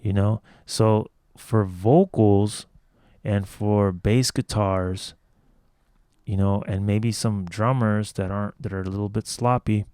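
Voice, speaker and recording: A man's voice: on the low side, dark tone, no room sound. A man casually teaching how to mix a song in a home studio, rambling and swearing freely as he explains. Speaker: music producer teaching mixing.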